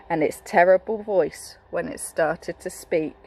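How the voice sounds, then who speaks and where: Young woman teacher reading a picture book to kids, slow, keeps asking them questions, encouraging. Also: lowish voice, a little mellow, husky, low-quality recording. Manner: encouraging, asks the children questions.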